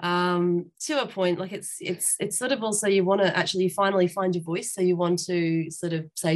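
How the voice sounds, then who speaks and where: A woman's voice: on the low side, steady tone, a little fast, hardly any pauses. A woman, a guest on an interview show, candidly telling a personal story in a frank, rambling way with many restarts.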